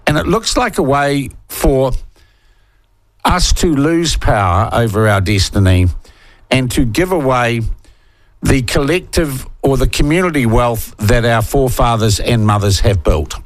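A middle-aged man with a New Zealand accent hosting a talkback radio show, ranting with forceful indignation. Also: mid-range voice, expressive, measured pace, no echo. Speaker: talk radio host. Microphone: studio microphone.

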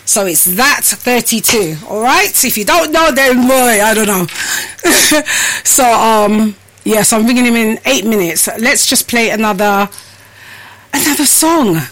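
A woman's voice: a little high, normal speed, fairly bright tone, low-quality recording. A woman hosting a casual live-stream show, out of breath and chatting freely with her viewers. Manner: chatty, addresses viewers as people and peeps. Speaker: host.

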